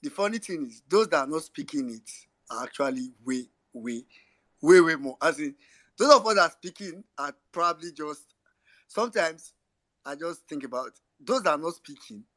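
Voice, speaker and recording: Brisk Nigerian man moderating. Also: on the high side, fairly bright tone, no room sound. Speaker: space host. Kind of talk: moderating a live audio discussion.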